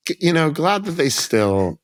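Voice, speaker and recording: A man guest on a podcast, telling stories in a rambling casual way with quick restarts and acted-out quotes. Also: fairly high pitch, sing-song. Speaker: comedian guest.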